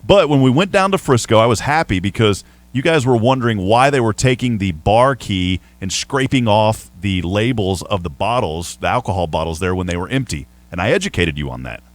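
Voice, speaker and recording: A man's voice: lowish voice, lively intonation, a little fast, few pauses, no echo. A man with a Southern accent, hosting a sports radio show in a chatty, rambling way with playful ribbing. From Texas. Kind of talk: casual sports talk.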